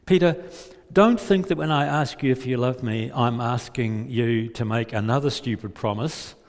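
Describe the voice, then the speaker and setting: A male preacher voicing Jesus as a calm, patient teacher who asks searching questions, heard with long hall reverb. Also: mid-range voice, normal speed, close to an everyday voice. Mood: urgent pleading.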